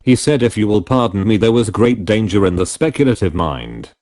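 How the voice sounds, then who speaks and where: Solemn manservant, slight Irish accent, smooth and deferential, read by a man. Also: on the low side, expressive, a little mellow, natural voice. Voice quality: smooth, liquid tones. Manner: formal, measured, says sir often.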